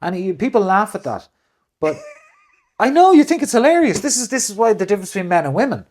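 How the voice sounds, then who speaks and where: A man co-hosting a casual chat, talking animatedly and jumping into big high voices when he quotes people. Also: sing-song, fast talker, a little mellow. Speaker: co-host.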